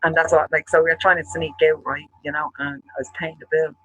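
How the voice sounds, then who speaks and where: A man with an Irish accent, co-hosting a show and telling a long story, animated and full of swearing. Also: fairly high pitch, fast talker, breathy edge, no echo, poor audio. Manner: profane, animated storyteller acting out quarrels. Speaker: show co-host. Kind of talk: casual storytelling chat.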